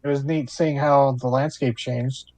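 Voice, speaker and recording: A man voicing a skeptical fifteen-year-old girl in a tabletop game, with a flat, unimpressed teen delivery. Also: medium pitch, unhurried, natural voice. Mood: polite.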